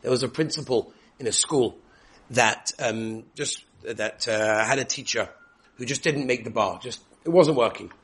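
Animated male lecturer. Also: mid-range voice, moderate pace. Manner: animated storytelling, acting out quoted voices. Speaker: yeshiva lecturer. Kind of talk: Torah lecture to students.

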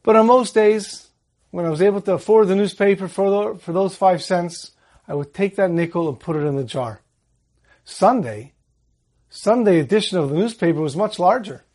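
A man giving a holiday Torah talk, telling a story in a calm way and slowing down on the Hebrew verses. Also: high-pitched.

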